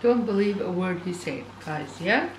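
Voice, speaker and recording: A woman co-hosting a food-eating video, soft-spoken in chat and upbeat when she signs off to viewers. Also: fairly low pitch, lively intonation, normal speed. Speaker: mukbang channel co-host. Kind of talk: casual chat while eating. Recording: echoey room with faint noise.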